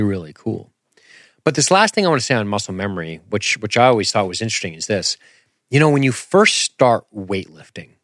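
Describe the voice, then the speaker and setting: Male podcast host, low voice, casual rambling chat, dry close recording. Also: dry recording. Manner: animated, rambling, self-deprecating, makes sound effects.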